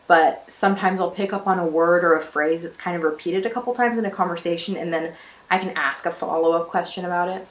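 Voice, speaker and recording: A young woman from the United States chatting casually and cheerfully to her camera in a small attic bedroom, with quick laughs. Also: on the low side, reverberant. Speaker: exchange student vlogger. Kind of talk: casual vlog chat. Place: small attic bedroom with slanted ceiling and beams.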